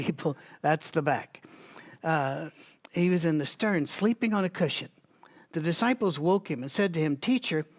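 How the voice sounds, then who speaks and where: A man leading a Bible study in a conversational teaching style, thinking aloud with asides and restarts, and coughing now and then. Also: on the high side. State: has a recurring cough.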